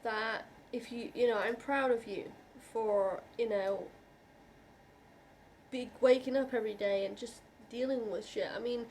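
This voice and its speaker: A woman vlogger talking to camera in an earnest, reassuring way, halting and restarting often as she speaks from the heart. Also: fairly high pitch, fairly even intonation, a little mellow, slight background noise. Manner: heartfelt, openly emotional. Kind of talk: personal talk to camera.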